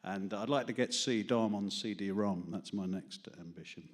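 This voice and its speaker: At an open mic in front of a small studio audience, a London-accented man rambles through self-deprecating stand-up and poetry, laughing at his own jokes. His voice sits on the low side and moves at a normal speed.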